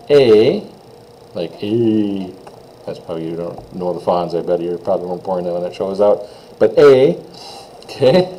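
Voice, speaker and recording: Low, mellow man teaching French sounds. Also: animated, slight background noise, poor audio. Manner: slow, drawn-out model phrases mixed with quick asides. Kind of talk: casual pronunciation lesson.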